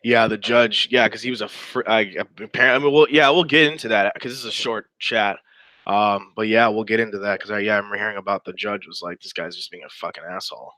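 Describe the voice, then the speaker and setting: A man's voice: on the low side, fairly even intonation, fast, pushed and bright, no echo, low-quality recording. A man giving casual, sarcastic commentary while reading through a chat log aloud, with wry asides.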